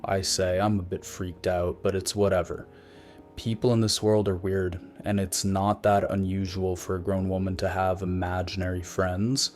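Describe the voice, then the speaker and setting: Low-voiced man narrating wryly. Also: little pitch movement, moderate pace, a little mellow, a little hiss or hum. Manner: wry, matter-of-fact storytelling. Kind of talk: scripted narration of a creepy story.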